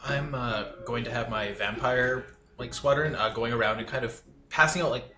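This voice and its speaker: A man's voice: medium pitch, normal speed, pushed and bright. A man playing a tabletop game, speaking casually and hedging as he describes his plans. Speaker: player. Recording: echoey room with faint music.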